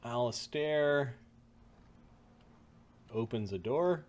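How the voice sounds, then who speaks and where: A man running a tabletop game as game master, narrating calmly with the odd chuckle. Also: mid-range voice, extremely slow. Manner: relaxed, matter-of-fact with chuckles.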